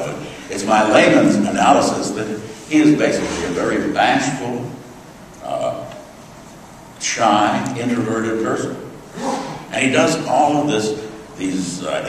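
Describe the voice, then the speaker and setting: A man's voice: on the low side, slight background noise. Older man telling wry stories in a hall. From United States. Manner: wry storyteller, dry jokes, uh fillers. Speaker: guest speaker. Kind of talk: humorous lecture anecdotes. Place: large lecture hall. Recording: echoey hall recording from far off.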